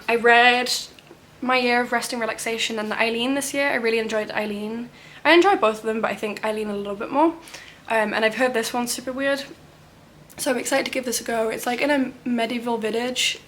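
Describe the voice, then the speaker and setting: A woman's voice: fairly high pitch, a bit bright, a little hiss or hum. Chatty young woman with filler words. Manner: rambling, many "um" and "like" fillers. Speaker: book vlogger. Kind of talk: casual chat about reading plans.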